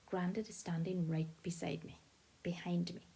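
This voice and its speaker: Mellow-voiced woman narrating an audiobook. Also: lowish voice, normal speed, gravelly, husky. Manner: lively, expressive first-person telling. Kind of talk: first-person audiobook narration.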